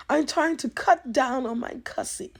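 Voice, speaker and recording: A woman vlogger talking casually to her viewers, chatty and animated, swearing freely and laughing often. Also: high-pitched, moderate pace, vocal fry. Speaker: YouTube vlogger. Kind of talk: casual commentary vlog.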